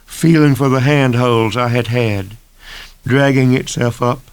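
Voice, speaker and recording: Gravelly man in his sixties narrating. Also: medium pitch, no room sound. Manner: measured, deliberate first-person reading. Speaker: author reading his own novel. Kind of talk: abridged audiobook narration.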